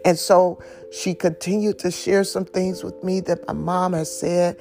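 A middle-aged woman sharing an emotional personal testimony, halting at times with soft laughs. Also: fairly low pitch, flat delivery. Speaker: speaker giving testimony. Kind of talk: slow, heartfelt personal testimony. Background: faint instrumental music.

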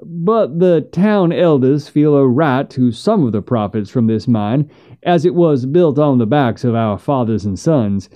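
A man's voice: medium pitch, lively intonation, measured pace, dark tone, dull audio, close to an everyday voice. A man voicing a nervous frontier townsman who stammers and hesitates. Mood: hesitant.

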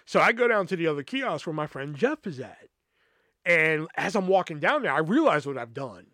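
A man with a slightly high voice tells a story from his own life, rambling and swearing freely. He keeps dropping "you know" and stumbles over restarts as he replays old conversations. The sound is close and dry. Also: sing-song, normal speed, a bit bright, no echo. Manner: profane, rambling, peppers speech with "you know"; retells past conversations with restarts and stammers. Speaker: podcast host telling a personal story. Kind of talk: casual storytelling.

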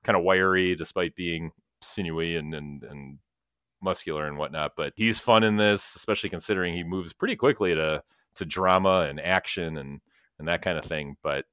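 Casting: low, bright-toned man, rambling podcast co-host, swears, laughs, slightly dull dry mic. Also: normal speed, smooth, no room sound. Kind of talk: casual movie podcast chat.

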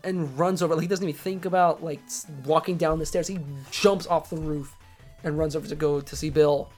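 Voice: medium pitch, fairly even intonation, brisk, a little mellow, soft background music. Rambling podcast host in casual chat. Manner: rambling, many restarts, laughs often.

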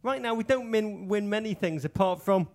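British male podcast co-host, theatrical and grandiose, slightly high gravelly voice. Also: normal speed, no room sound. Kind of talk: comic podcast banter.

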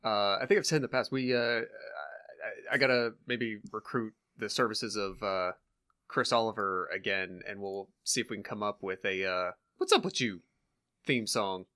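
A man's voice: lowish voice, normal speed, pushed and bright, smooth, no echo, clean studio sound. A man co-hosting a podcast in casual chat, stammering and restarting his sentences. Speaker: podcast co-host.

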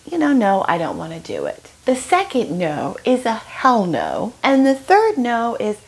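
Woman hosting her own podcast, storytelling, husky and a bit gravelly, lots of ups and downs in pitch. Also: unhurried. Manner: animated, acts out quoted voices with laughs. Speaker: podcast host.

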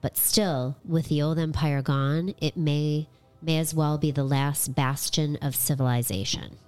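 A woman's voice: sits low, fairly even intonation, unhurried, a little mellow, clear, resonant tone, soft background music. A woman reading as a war-weary adventurer. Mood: solemn. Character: adult adventurer recounting a war. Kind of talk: read character backstory.

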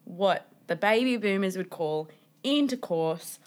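A woman's voice: mid-range voice, expressive, measured pace. A young woman co-hosting a podcast in casual chat, joking, laughing often and swearing freely. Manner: swears a lot, jokey, laughs often, dips into accents. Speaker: podcast co-host.

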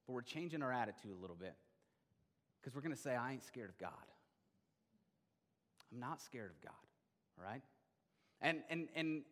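A male pastor preaches to a congregation, his voice sitting a little high for a man. He tells the story with animated energy and asks lots of rhetorical questions. The sound carries the long reverb of a large hall. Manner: animated storytelling, voicing the father with rising excitement. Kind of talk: sermon.

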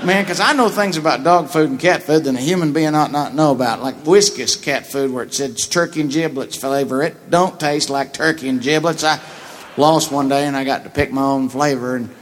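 A man who is a comedian guest, telling a long anecdote in a profane, laughing, animated way. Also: fairly high pitch, fairly quick, a little hiss or hum. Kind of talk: storytelling anecdote.

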